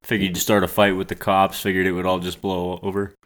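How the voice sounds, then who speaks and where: A man with a low voice teases his co-host in casual podcast chat. He drops in short joking remarks. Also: flat delivery, fast, fairly bright tone. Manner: teasing, joking interjections.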